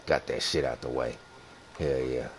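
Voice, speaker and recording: A bass-voiced man in his thirties streams a game, offering casual, profane commentary to his chat while teasing and trash-talking. His intonation stays fairly even at a moderate pace, with background noise in the recording.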